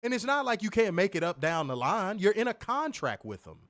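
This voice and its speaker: Fired-up man ranting, high lively voice. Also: a little fast. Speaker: wrestling podcast co-host. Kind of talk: casual heated commentary.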